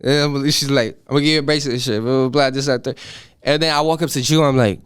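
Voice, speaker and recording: An eighteen-year-old man excitedly telling a profane story, acting out the voices of the people in it. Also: medium pitch, fast talker, clean tone, no echo, studio quality. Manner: animated, profane, acts out voices in his story. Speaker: podcast guest. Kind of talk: casual storytelling.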